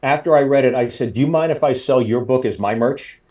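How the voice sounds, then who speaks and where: Man, comedian guest, lively storytelling, voice jumps up for quotes, mid pitch. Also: brisk. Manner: animated storyteller, voice jumps high when acting out quotes. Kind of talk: casual storytelling.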